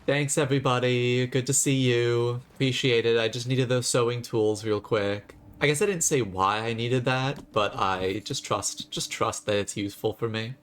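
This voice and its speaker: A man commenting on his live gameplay, chatty and quick to toss off sarcastic jokes. His voice sits at an ordinary middle pitch. He talks straight to his viewers. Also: steady tone. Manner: chatty and jokey, sarcastic asides. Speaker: streamer.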